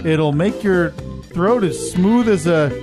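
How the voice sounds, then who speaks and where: A loud, hard-selling male pitchman from a TV commercial, put on by a podcast co-host. He pushes every line up high and bright, like a spokesman selling a product. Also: slow, over music. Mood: salesy. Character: booming male TV ad announcer, salesy. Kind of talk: mock commercial.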